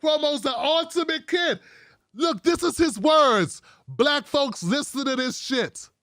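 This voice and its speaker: Animated, mocking male commentator. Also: extremely high pitch, takes it slowly, dry recording, clean studio sound. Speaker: political commentator. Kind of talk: casual political commentary vlog.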